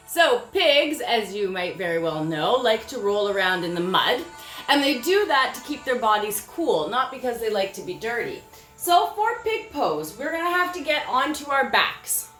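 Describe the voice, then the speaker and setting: Woman doing kids yoga, slow easy encouraging cues, roomy echo, soft music underneath. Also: fairly high pitch, very animated. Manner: encouraging, gentle instructions with praise. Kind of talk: guided children's yoga lesson.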